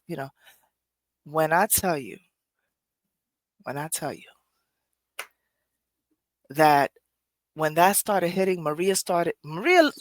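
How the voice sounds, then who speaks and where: With a medium-pitched, somewhat bright voice and no room sound, this poetry podcast host from Puerto Rico, speaking in a New York Puerto Rican accent, recounts a personal story with emphasis, circling back to repeated phrases.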